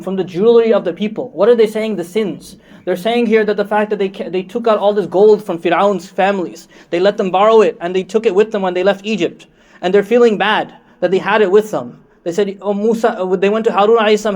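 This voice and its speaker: A man's voice: high-pitched, fast talker, darkish tone, low-quality recording. A man preaching a sermon on Quran commentary, joking with the congregation and asking them questions. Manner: joking, conversational, asks the crowd questions.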